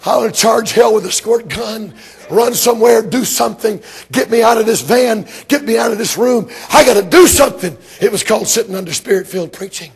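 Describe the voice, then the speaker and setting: A man from Georgia preaching a sermon, telling stories emphatically and rising to shouts. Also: high voice, fairly quick, vocal fry, slightly rough.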